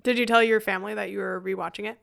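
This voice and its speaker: A young woman hosting a podcast, chatty, playful and animated in casual conversation. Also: mid-range voice, rapid-fire, vocal fry. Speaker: podcast host. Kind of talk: casual chat.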